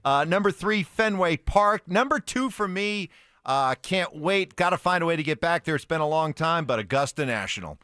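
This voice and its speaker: A man's voice: a little high, expressive, moderate pace, sharp tone, clean tone, dry recording, clean studio sound. A man hosting a sports radio show, giving firm opinions and steering the segment.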